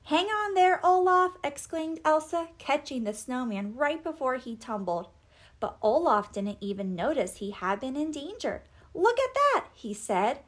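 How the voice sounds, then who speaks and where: A woman reading a children's storybook aloud, with expressive, animated narration as the host of the channel. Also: a little high. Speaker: storybook reader.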